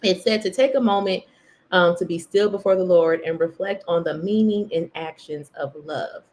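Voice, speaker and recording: A woman's voice: fairly low pitch, normal speed, darkish tone, a little hiss or hum. A woman hosting a faith podcast, chatting casually and self-mockingly while reading from a devotional. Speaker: podcast host.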